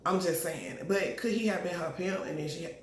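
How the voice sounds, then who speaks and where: A woman's voice: lowish voice, moderate pace. A woman recaps a TV episode in casual slang and acts out the characters' lines as she goes. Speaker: TV show recap vlogger. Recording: echoey room, faint background noise.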